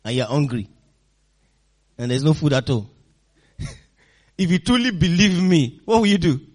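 Male pastor, high voice, emphatic sermon delivery with congregation call-and-response. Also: animated, normal speed. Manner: laughs often, swings loud and soft.

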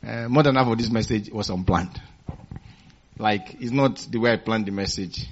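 This pastor's voice sits on the low side and moves at a moderate pace as he leads his congregation in call-and-response, prompting them to complete his lines. He also tells stories punctuated by chuckles, captured on a dull, lo-fi recording.

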